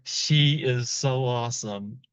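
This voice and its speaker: A man hosting a podcast, relaxed in casual interview chat, giving short prompts. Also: medium pitch, takes it slowly, clear, resonant tone, dry recording. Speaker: podcast host. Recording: dull lo-fi dry sound.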